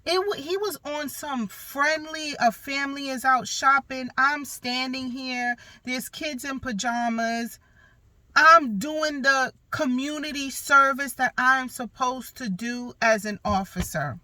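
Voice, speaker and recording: A woman's voice: sits high, slow, bright, forceful tone, no echo. A woman in her thirties hosting a podcast, telling a personal story in a candid, emphatic way with some blunt cursing. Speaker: podcast host.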